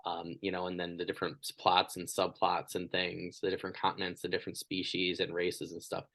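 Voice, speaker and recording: A man with a lowish voice hosts a podcast interview in a casual, chatty way. He tells stories with bursts of animated energy and laughter in his tone. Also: fairly quick, creaky. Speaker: podcast host.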